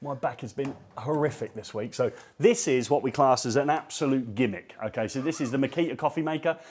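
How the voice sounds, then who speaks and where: A man's voice: medium pitch, a little fast, a little mellow, slight background noise. A man hosting a casual show segment, teasing and joking playfully with a guest. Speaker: show host. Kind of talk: casual trade-show banter.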